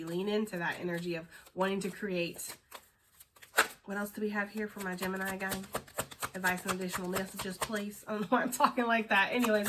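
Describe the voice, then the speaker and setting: A woman's voice: medium pitch, fairly bright tone, a little hiss or hum. A woman giving a casual tarot reading to her viewers, rambling and chatty with lots of fillers and casual swearing. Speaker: tarot reader.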